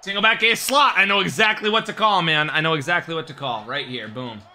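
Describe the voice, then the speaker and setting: Man, young, game streamer, cocky hype commentary, fairly high voice, very bright tone. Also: brisk, a little hiss or hum. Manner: hyped, cocky trash talk, yelling at the game. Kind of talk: live gaming stream commentary.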